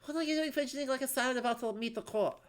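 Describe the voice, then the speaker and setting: A streamer voicing a bossy tavern keeper with a Cockney accent, scolding briskly in a raised voice. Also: high voice, pitched above the performer's own voice, lightly acted. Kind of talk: reading game dialogue in character.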